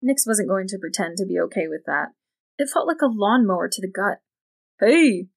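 A woman narrating a novel in an even, measured storytelling voice. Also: medium pitch, gravelly. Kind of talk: audiobook narration.

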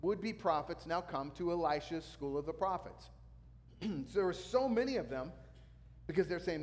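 A male pastor preaching a sermon, telling a story with lively sound effects. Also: high voice, normal speed, big-room sound.

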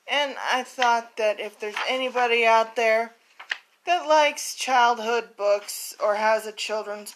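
A woman hosting her channel and reading a children's picture book aloud in an expressive, sing-song way. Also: mid-range voice, rough recording. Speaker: channel host.

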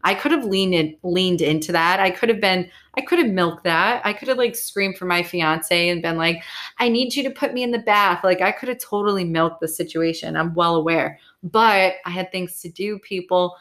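On her own podcast, a young woman rambles casually about keeping a positive outlook, blunt and swearing freely. Her voice is lowish and a bit bright, moving at normal speed with few pauses.

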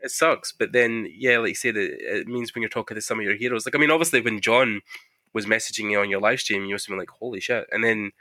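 A man hosting a casual interview, telling stories quickly and swearing freely. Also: on the low side, no room sound. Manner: fast, swearing, animated storytelling. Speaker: podcast host.

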